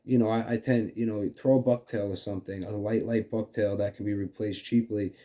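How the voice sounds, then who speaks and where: Dark-voiced New York man. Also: lowish voice, steady tone, fairly quick. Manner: rambling, many fillers like "you know". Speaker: fishing channel host. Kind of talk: casual lure demonstration.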